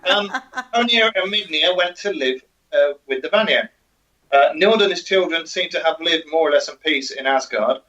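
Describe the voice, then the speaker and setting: A man's voice: on the high side, normal speed, sharp tone. A man co-hosting a casual podcast, reading out notes with many ums and joking asides. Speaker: co-host. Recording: muffled lo-fi audio.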